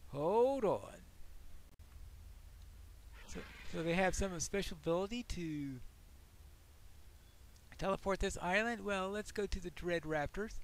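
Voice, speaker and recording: A man's voice: sits high, normal speed, pauses often, fairly bright tone. A man giving casual let's-play commentary, chatting and reacting aloud while he plays. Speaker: gameplay commentator.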